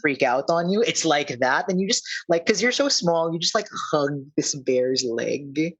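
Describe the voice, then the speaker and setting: A man with an Australian accent narrating a tabletop game as game master, halting and full of fillers. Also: on the high side, lively intonation, a bit bright, muffled recording.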